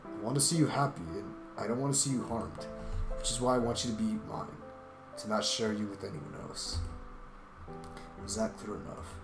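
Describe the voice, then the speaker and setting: A man's voice: lowish voice, moderate pace, long pauses, lightly acted. A man voicing a devoted male tiger guardian spirit in a visual novel, speaking formally and tenderly. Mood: earnest. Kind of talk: reading a visual novel aloud. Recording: roomy echo with guitar music.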